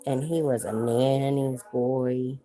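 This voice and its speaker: Woman, very deep voice, chatty livestream storyteller, music behind. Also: fairly even intonation, slow pace, poor audio. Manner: chatty, greets viewers mid-story. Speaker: livestream host.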